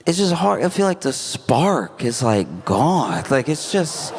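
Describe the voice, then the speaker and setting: A man's voice: medium pitch, very animated, slow, background noise, pitched above the performer's own voice. A man voicing a young wife who rambles hesitantly, full of "like" and "I don't know.". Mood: wavering. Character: unsure young woman, wife drifting from her husband.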